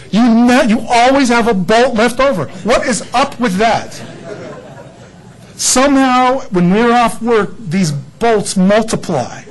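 A man's voice: very high voice, animated, slow pace, rough recording. A man preaching a sermon in church, a folksy and joking storyteller. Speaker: pastor.

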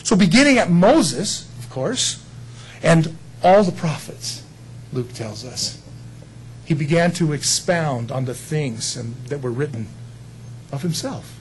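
A man preaching a sermon in a folksy, animated way, building up to emphatic peaks. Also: fairly high pitch, slow, pauses often, a little hiss or hum, rough recording. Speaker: pastor.

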